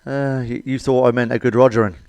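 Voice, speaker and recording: A man's voice: mid-range voice, fairly even intonation, fast talker, a little mellow, clean tone, no echo. A middle-aged British man doing a crude stand-up comedy monologue, blunt and cheeky, swearing often. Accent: British English.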